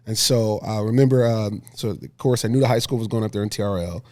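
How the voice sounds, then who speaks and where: A man in his thirties from Philadelphia, speaking as a podcast guest. His voice sits fairly low, and he tells his story with animated energy, laughing and acting out the scenes. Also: fast talker. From Philadelphia, USA. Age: 30s. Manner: lively, laughing storyteller who acts out scenes. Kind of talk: casual storytelling interview.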